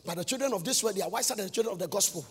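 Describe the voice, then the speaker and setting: A man's voice: high voice, racing, breathy edge. A man preaching a sermon as a pastor, in a sing-song cadence full of questions to the congregation. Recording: long hall reverb with faint music.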